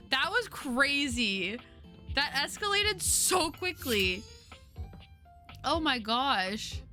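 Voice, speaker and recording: Bright, lively woman streamer, excitable. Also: sits high, slow, pauses often, faint music behind. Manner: excitable, laughs often, talks to herself. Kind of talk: casual game stream commentary. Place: home streaming setup.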